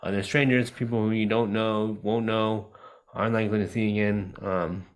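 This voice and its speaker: A man's voice: fairly low pitch, little pitch movement, moderate pace. A man teaching a class on a video call, talking loosely with lots of fillers and restarts. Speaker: disability advocate teaching a class. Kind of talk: casual online lecture.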